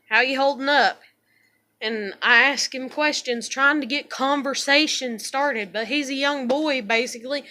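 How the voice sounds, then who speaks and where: A woman's voice: fairly high pitch, bright, forceful tone. A woman in her thirties venting in a rambling, profane, frustrated monologue. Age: 30s. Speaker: vlogger.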